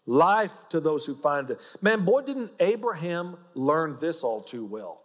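A man's voice: on the high side, sing-song, unhurried, big-room sound. A man with an Oklahoma accent preaching a sermon, folksy and joking as he teaches. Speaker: pastor.

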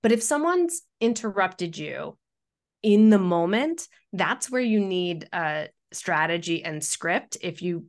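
A middle-aged woman, a workplace communication consultant, explaining practical speaking tips in a podcast interview. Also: mid-range voice.

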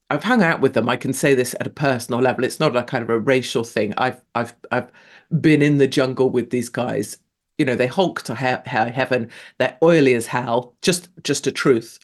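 A woman's voice: steady tone, moderate pace. Chatty woman hosting her show. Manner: chatty and rambling, with pitch leaping up for emphasis and frequent laughs. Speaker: show host. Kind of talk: casual live-show monologue.

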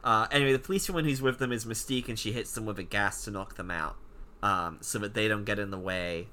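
A man co-hosting a casual comic-book podcast, animated and jokey, with lots of "like" fillers. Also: on the low side, fast talker. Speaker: podcast co-host.

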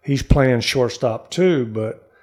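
An older man, a former pro baseball player, telling lively stories as a studio interview guest and acting out the quotes. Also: mid-range voice, slow pace. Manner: lively storyteller, acts out quotes. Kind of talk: animated storytelling in conversation.

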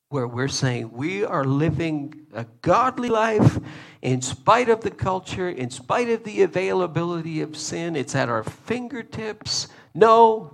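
Male preacher, somewhat high voice, gravelly, emphatic sermon delivery. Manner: earnest, emphatic, with frequent repeats and fillers.

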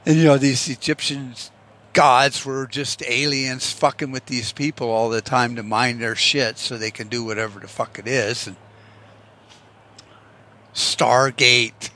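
A man's voice: medium pitch, steady tone, measured pace, pushed and bright. A man giving a rambling, casual monologue, full of swearing and rhetorical what-if questions. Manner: profane, musing, rhetorical what-ifs. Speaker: vlogger.

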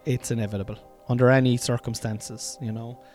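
An Irish man talks through his podcast in a loose, meandering way, restarting sentences and dropping swear words as he goes. His pitch sits in the middle for a man. Faint music plays somewhere behind him. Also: little pitch movement, a little fast, a little mellow. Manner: rambling, self-interrupting, sweary and chatty. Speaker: podcast host. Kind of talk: casual solo podcast monologue. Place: room at home.

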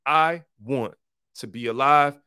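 A man hosting his own podcast in a casual, animated, preachy monologue full of slang. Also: mid-range voice, slow, clear, resonant tone, no echo, studio quality. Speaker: podcast host.

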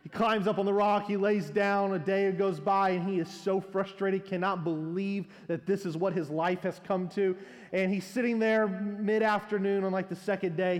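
A man's voice: high-pitched, in a large hall. A male pastor preaching a sermon, telling a long humorous story as an illustration.

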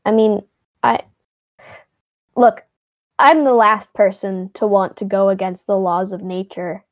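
A woman's voice: medium pitch, steady tone, a little slow, no echo. Hesitant woman player, dry sound. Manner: hesitant, earnest.

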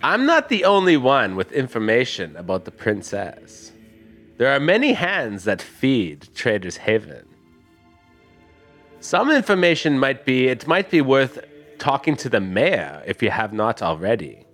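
A man voicing a shrewd, coin-loving male priest, speaking formally and bargaining in measured tones in a tabletop game. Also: mid-range voice, wildly swooping pitch, fairly bright tone, soft background music, exaggerated voice. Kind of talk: tabletop role-play as a character.

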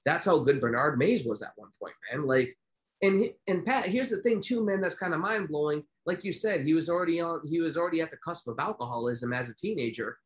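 Animated man telling stories on a podcast. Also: a little high, brisk. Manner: animated storyteller, many fillers and restarts. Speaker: podcast co-host. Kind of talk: casual podcast chat.

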